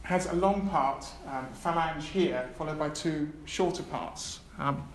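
Here an academic man lectures at a measured pace, his pitch fairly high. Most of what he says is read from a prepared text, though he adds hesitant asides along the way. Faint background noise and room echo come through from the lecture hall.

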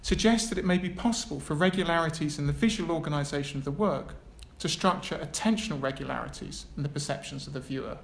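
In a lecture room, an academic man delivers a lecture from a prepared text, adding hesitant asides. His voice is on the high side and creaky, and he talks at a quick pace with few pauses. Echo fills the room, with faint background noise.

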